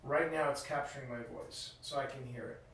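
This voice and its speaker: A man's voice: medium pitch, fairly even intonation, brisk, fairly bright tone. A man on a live ghost hunt speaks to unseen spirits in a coaxing, friendly way. His voice comes from a distance in a very echoey room, with a faint hiss underneath. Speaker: ghost hunting host. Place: old inn, indoors.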